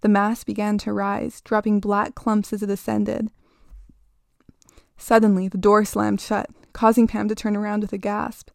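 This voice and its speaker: A woman reading a horror story aloud in a steady, measured way. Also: medium pitch, creaky, no echo, studio quality.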